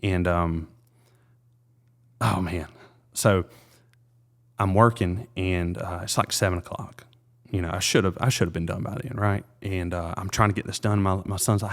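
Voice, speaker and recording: A man in his thirties, a realtor being interviewed, telling a personal story in an earnest, halting way with many fillers and restarts. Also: low voice, fairly even intonation. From South Carolina.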